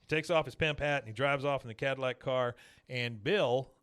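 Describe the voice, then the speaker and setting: A podcast host with a clear, resonant, medium-pitched voice speaks a little fast as he casually recaps an episode. He's an animated storyteller who acts out the quotes with gusto.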